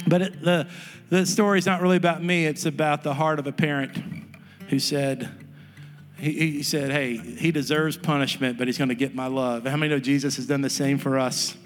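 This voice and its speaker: Pastor guy preaching, high voice, acts out his mom and brother, big echoey hall with a little guitar behind. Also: normal speed, long pauses. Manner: animated storyteller acting out family voices. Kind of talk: sermon storytelling. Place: church sanctuary.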